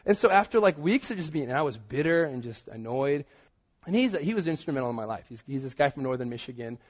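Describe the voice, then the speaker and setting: A man's voice: medium pitch, animated, fast talker, dull audio. A man in his thirties preaching a sermon as pastor, telling personal stories and acting out what people said. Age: 30s. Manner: storytelling with acted-out quotes.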